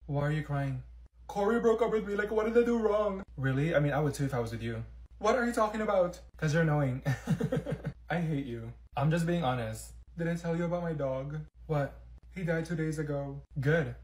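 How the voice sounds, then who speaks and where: A young man performing short comedy skits, trading blunt insults in sassy voices. His voice sits a little high for a man. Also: moderate pace, a little mellow. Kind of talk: comedy skits playing several characters.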